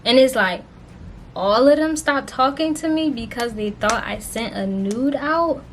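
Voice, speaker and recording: A young woman vlogger telling a story in a casual storytime style, expressive and full of slang and swearing. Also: on the high side, measured pace, a little hiss or hum.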